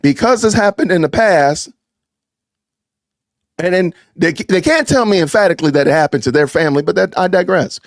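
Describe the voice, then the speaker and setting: A man's voice: a little high, no echo, studio quality. A man hosting a podcast livestream, reacting to clips with emphatic commentary and repetition for stress. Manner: emphatic, animated, repeats points for stress. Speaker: podcast host.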